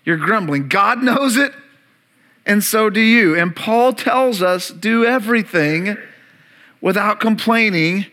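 Male pastor, high voice, bright tone, emphatic sermon delivery. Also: slow pace. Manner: emphatic, calls on congregation to repeat words.

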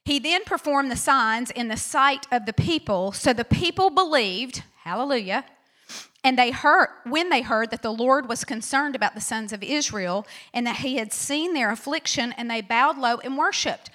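A woman pastor delivers a sermon in a lively, conversational manner. She reads scripture and acts out the people in it. Her voice sits a little high and sounds bright and forceful. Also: normal speed. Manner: animated, conversational preaching with acted-out quotes.

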